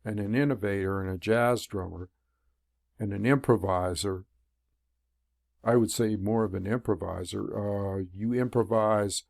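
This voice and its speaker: A man's voice: lowish voice, measured pace, creaky, a little mellow, no room sound, clean studio sound. A man talking to the camera as a spiritual teacher, in a loose, rambling monologue full of fillers and restarts. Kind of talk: casual monologue. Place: room.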